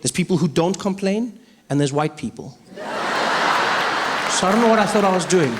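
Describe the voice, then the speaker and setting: A South African man doing stand-up comedy on stage, animated and acting out voices, swinging from loud to low. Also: moderate pace, over a noisy crowd, very noisy. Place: large arena on stage.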